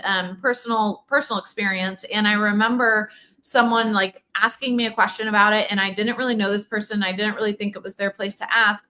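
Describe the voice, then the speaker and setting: Bright, animated woman clinician. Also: medium pitch. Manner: animated, conversational, many fillers and quoted dialogue. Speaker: OCD clinician and program leader. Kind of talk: livestream Q&A talk.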